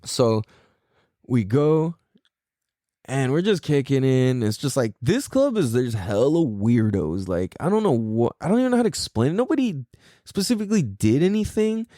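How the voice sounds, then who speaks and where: A man's voice: medium pitch, big pitch swings, moderate pace, mellow, no room sound, studio quality. A man hosting a podcast, telling a story in a casual, rambling way, full of slang, swearing and fillers. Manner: mimics people in quoted voices. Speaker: podcast host.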